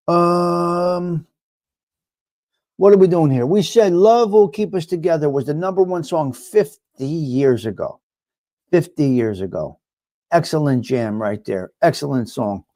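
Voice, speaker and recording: A man's voice: fairly high pitch, dark tone, no room sound. A man hosting a live stream, ranting bluntly and profanely to his viewers and repeating himself. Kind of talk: casual ranting chat with viewers.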